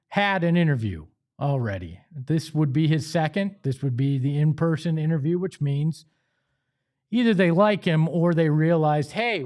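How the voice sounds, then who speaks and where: Animated man ranting about sports. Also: fairly high pitch. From Italian-American family. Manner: animated, emphatic, pleading asides. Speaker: sports talk host. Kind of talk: opinionated sports talk monologue.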